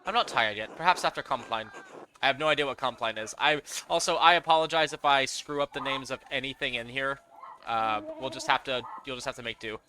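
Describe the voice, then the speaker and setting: A man's voice: mid-range voice, steady tone, a little fast, pushed and bright, slight background noise. A man hosting a casual let's play, musing aloud with self-deprecating asides. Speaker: gaming video host.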